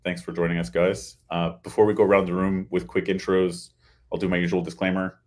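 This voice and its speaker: A man's voice: sits low, flat delivery, brisk. A man hosting a weekly video-call talk show, chatty and full of joking asides. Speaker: host. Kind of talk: casual webinar hosting.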